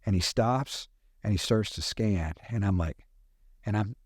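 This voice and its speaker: A middle-aged man, a podcast guest, telling animated hunting stories with sound effects in casual talk. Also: fairly low pitch, unhurried, breathy edge, no echo, studio quality. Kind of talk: casual storytelling.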